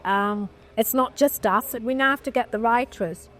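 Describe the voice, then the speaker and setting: Brief: middle-aged woman, animated interview guest, bright higher voice, restarts often. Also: moderate pace. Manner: animated storyteller, acts out quotes, frequent restarts. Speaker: guest film producer. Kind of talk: casual interview storytelling.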